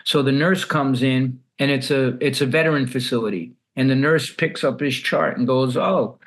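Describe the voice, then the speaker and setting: A man with a voice of ordinary pitch speaks as a guest on a podcast. He tells raw family stories bluntly, swears freely and often breaks off and restarts his sentences. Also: steady tone, normal speed. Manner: blunt and profane, with frequent restarts. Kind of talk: candid storytelling in conversation.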